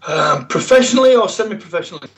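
A man's voice: high-pitched, lively intonation, quick pace, a bit bright, low-quality recording. A man with a South Yorkshire accent, a former footballer chatting in an interview, good-humoured and often repeating words. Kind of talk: casual interview chat.

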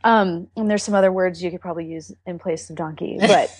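A middle-aged woman from Texas, a guest telling her faith story in an earnest, emotional way with halting restarts. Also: on the low side, fairly even intonation, a little mellow, breathy edge, no echo. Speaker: interview guest. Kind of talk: candid faith testimony.

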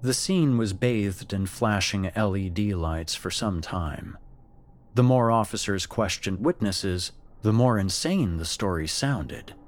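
Deep slow-paced male horror narrator. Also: lively intonation. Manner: measured, dramatic storytelling. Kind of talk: scripted horror story narration.

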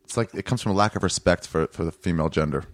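A comedian guest in casual conversation, stating blunt, matter-of-fact opinions. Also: male voice, sits low, rapid-fire, no echo. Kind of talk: casual chat.

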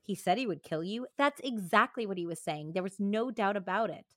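Teen girl pleading and insisting, scared and angry, voiced by a woman reading a book aloud, flat dry audio. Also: medium pitch, fairly quick, dry recording, lightly acted. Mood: insistent. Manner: urgent, insistent. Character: frightened angry teenage girl.

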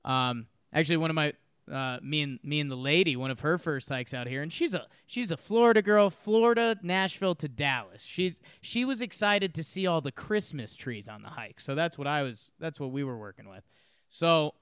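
A man telling a story on a casual podcast, acting out what people said with plenty of laughter. His voice is smooth and resonant, sitting a touch higher than most men's. The sound is dry and close. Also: normal speed, no room sound. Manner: animated storyteller, acts out quotes, laughs often. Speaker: podcast co-host.

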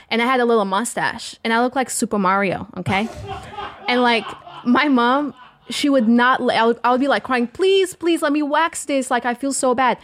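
A woman's voice: on the high side, slight background noise. A young woman from southern Portugal with a Portuguese accent, a guest comedian telling stories in casual podcast chat, acting out quotes. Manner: animated storyteller acting out quotes.

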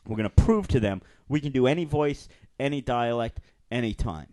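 A man's voice: mid-range voice, expressive, moderate pace, warm tone, dry recording. Comedy podcast host, male, mid-range voice, playful riffing delivery. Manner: joking, puts on mock accents.

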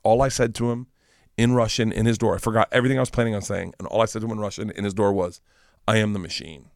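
A young American man, a comedian guest telling a wild story on a podcast, swearing freely and acting out quotes loudly. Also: on the low side, quick pace, creaky, no room sound, studio quality. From United States. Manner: animated storyteller, swears freely, bursts into loud acted quotes. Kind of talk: casual podcast chat, storytelling.

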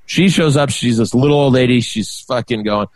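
A man tells a rambling story on a podcast. He jumps into the voices of the people in it and keeps the tale moving. His voice sits at a middle pitch and sounds close and dry, with no room around it. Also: normal speed, no echo. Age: 40s. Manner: animated storyteller, acts out quotes. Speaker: podcast co-host. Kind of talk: casual storytelling chat.

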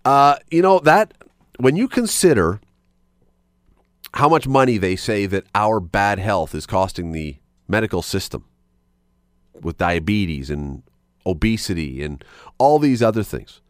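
A man hosts a radio talk show, speaking in an animated, rambling way and correcting himself as he goes. His voice is lowish and measured with long pauses, recorded dry and clean on a studio microphone.

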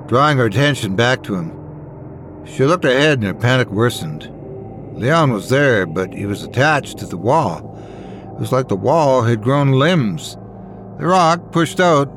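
A man reading scary stories as a dramatic, expressive narrator. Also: mid-range voice, noisy background. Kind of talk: scripted horror story narration.

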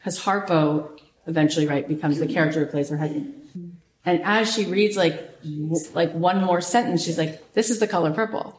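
A woman host tells a story with animated, casual energy, circling back over the same phrases and leaning on "like". Her voice sits on the lower side for a woman. The recording has a roomy echo with a faint hiss behind it. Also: moderate pace. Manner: animated, repeats phrases, frequent "like". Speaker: podcast host.

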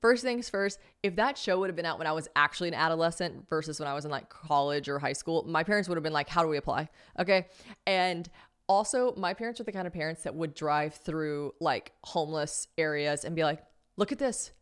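A woman's voice: low-pitched, a little fast, smooth. A woman in her thirties hosting a podcast, chatting casually and rambling, with frequent laughs. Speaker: podcast host. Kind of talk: casual chat.

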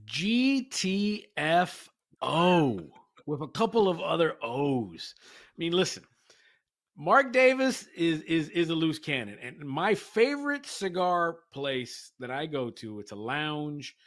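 A man co-hosting a sports betting show, excitable and telling stories. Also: fairly high pitch, measured pace. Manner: excitable, storytelling. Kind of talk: casual sports talk.

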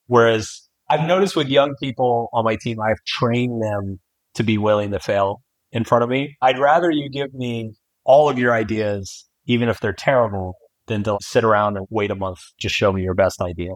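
A man's voice: fairly low pitch, normal speed, dry recording, rough recording. A man in his forties, a guest author talking candidly and reflectively in a casual podcast chat, often laughing. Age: 40s.

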